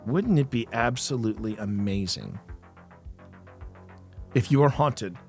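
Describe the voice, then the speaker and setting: A male host reacting to clips in casual commentary, animated, laughing often and restarting sentences. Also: lowish voice, measured pace, faint music behind.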